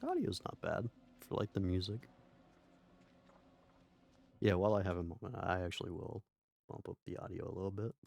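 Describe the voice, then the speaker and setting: Male streamer, deep and gravelly, casual wry commentary over gameplay. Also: steady tone, normal speed, pauses often, darkish tone. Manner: joking, wry, laughs often.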